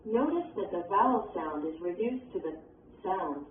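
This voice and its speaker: A woman reading English textbook exercises and instructions aloud in a measured, instructional way. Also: medium pitch, expressive, slight background noise. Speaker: textbook reader. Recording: echoey, distant, tinny.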